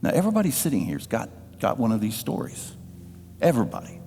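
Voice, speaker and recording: A man preaching a sermon as pastor, telling a personal story with emotion and sometimes dropping to a hush. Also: mid-range voice, wildly swooping pitch, fast, creaky, a little hiss or hum. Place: church sanctuary. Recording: live church sound with long reverb. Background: band playing softly.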